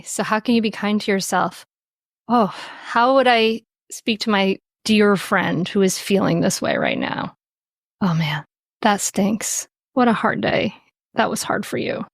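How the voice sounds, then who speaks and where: As a guest on a podcast about parenting and mindfulness, a woman explains things gently and reflectively, often with a light laugh. Her mid-range voice comes through in clean studio sound with no room tone.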